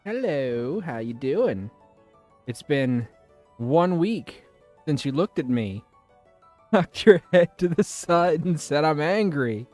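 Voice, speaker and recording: A man's voice: a little high, animated, slow, long pauses, darkish tone, faint music behind. A man streaming a video game, talking casually to his viewers in a rambling, self-mocking way and swearing freely. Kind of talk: casual let's-play commentary.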